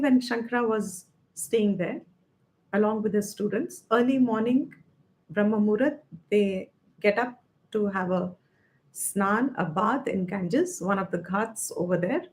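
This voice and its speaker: A woman's voice: fairly high pitch, darkish tone. A woman teaching a Vedanta study class, explaining terms and telling the story behind the text. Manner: explanatory storytelling, mixes Sanskrit and Hindi terms. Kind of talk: spiritual study lesson.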